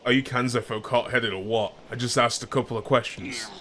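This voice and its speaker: A man's voice: mid-range voice, fairly even intonation, brisk, a bit bright, slight background noise. A young man streaming a video game, reading the characters' lines aloud with playful emphasis and joking at himself between them. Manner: reads character lines with playful emphasis and self-mocking asides. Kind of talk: let's play, reading game dialogue aloud.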